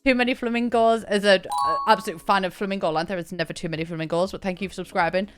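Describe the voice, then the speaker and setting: A woman's voice: medium pitch, fairly even intonation, quick pace, music in the background. A young woman chatting casually on a live stream, thanking viewers by name and laughing often. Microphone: desk mic, camera on.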